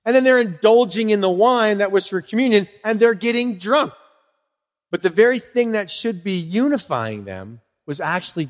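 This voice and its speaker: A man preaching a sermon to his congregation, lively and conversational, acting out short exchanges in different voices. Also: long reverb tail. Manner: animated, acts out little dialogues with swooping pitch. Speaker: pastor.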